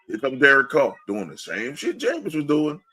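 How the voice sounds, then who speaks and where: A man co-hosting a sports podcast, animated and laughing as he mocks fans' takes. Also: fairly high pitch, normal speed, low-quality recording. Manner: animated, laughing, mock-quoting fans. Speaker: podcast co-host. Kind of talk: casual sports talk.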